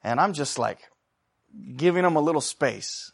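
A man preaching with a fairly high voice. He moves between fervent, rising exhortation and quiet, chatty anecdotes. He often pauses to draw an "amen" from the congregation. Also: expressive, gravelly. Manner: swings between loud fervent exhortation and quiet conversational storytelling; calls for responses from the congregation. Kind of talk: sermon.

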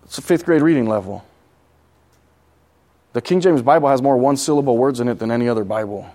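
A man's voice: mid-range voice, quick pace, dark tone. Conversational preacher man quizzing his congregation. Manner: conversational, asks the congregation questions; emphatic, repeats key points. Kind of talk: sermon.

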